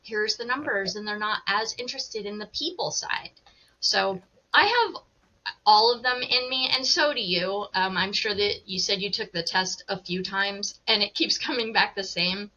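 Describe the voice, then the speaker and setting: Woman, coach, bright sharp tone, lively, slightly dull lo-fi recording. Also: medium pitch, moderate pace. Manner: lively, laughs easily. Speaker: coach and guest. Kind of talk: casual interview explanation.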